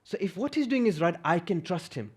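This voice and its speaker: A man's voice: high-pitched, very animated, fairly quick, slightly rough. A man giving a religious lecture, posing rhetorical questions with emphasis.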